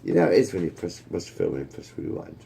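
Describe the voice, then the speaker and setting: A man's voice: deep voice, sing-song, quick pace, creaky, mellow, slight background noise. A man casually telling a joke among friends, rambling, restarting often and swearing freely. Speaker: joke teller.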